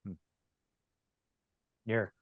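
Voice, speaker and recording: A man narrating as game master in a tabletop game, unhurried and often restarting his sentences. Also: dry recording, phone-quality sound.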